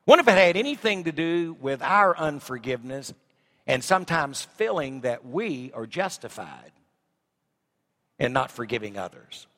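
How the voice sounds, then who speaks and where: With a sing-song lilt at normal speed, this pastor's medium-pitched voice comes across bright and forceful. Long hall reverb surrounds his church sermon as he reads scripture and asks the congregation emphatic rhetorical questions.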